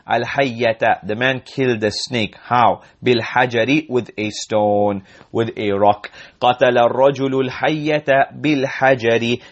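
Man teaching Arabic grammar slowly. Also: medium pitch, muffled recording. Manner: repeats example sentences slowly, asks and answers his own questions. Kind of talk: classroom grammar lesson.

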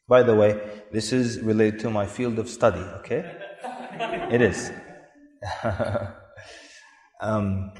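A man gives a talk to a live audience in a large hall, and his voice rings with a long echo. He keeps it chatty, tossing questions to the listeners and laughing between points. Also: medium pitch. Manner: conversational, asks the audience questions, often laughs. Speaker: Islamic lecturer. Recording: echoey hall recording.

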